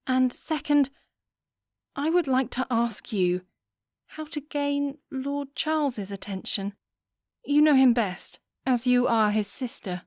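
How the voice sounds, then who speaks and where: A woman's voice: sits high, takes it slowly, a little mellow, dry recording, clean studio sound, pitched above the performer's own voice. A woman reading an eager, earnest young lady who is shy and romantic, in an audiobook.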